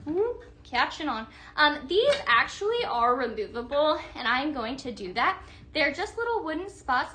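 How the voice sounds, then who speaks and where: Bubbly woman live-stream presenter, high bright voice, faint hiss behind. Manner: bubbly, gushing, chatty with viewers. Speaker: livestream home decor presenter. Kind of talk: live product demonstration.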